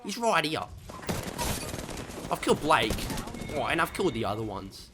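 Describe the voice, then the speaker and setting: A man's voice: high-pitched, huge pitch swings, normal speed, noisy background, voice pushed up. A young man putting on a playful mock British-style accent while calling out plays during a live match. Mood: excited. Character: cocky young male British-style gamer. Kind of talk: live gameplay chatter.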